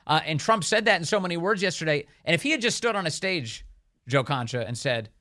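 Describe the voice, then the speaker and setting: A male talk radio host with a bright, sharp-edged voice. His pitch rises and falls a lot as he makes emphatic, opinionated points to his guest. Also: expressive, brisk.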